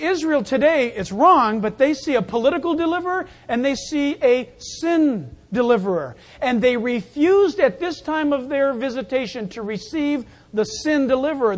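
A pastor giving a sermon in an animated, jokey way, acting out the scenes. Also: high-pitched.

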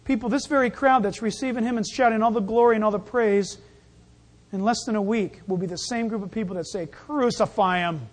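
A pastor giving a sermon in an animated, jokey way, acting out the scenes. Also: mid-range voice, fast.

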